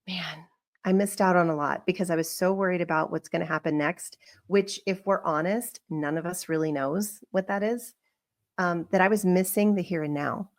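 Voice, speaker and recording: A middle-aged woman hosting a podcast, talking candidly in a reflective, conversational monologue and acting out bits of remembered dialogue. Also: fairly low pitch. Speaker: podcast host.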